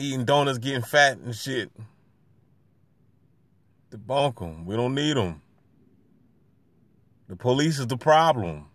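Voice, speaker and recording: A man vlogging from a street with a handheld camera, giving slangy running commentary that swings from low mutters to loud jeers. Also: no echo. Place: outdoors by a street.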